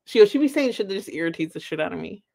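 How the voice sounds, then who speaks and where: A woman reacts to a video on her live stream, chatty and emphatic, often breaking into laughter. Her voice sits a little low for a woman. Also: wildly swooping pitch, very fast, dark tone.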